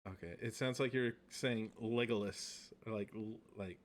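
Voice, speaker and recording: A man's voice: on the low side, steady tone, a little slow. A man from the United States co-hosting a podcast, chatting casually and teasing his co-host. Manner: teasing, joking. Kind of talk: casual chat.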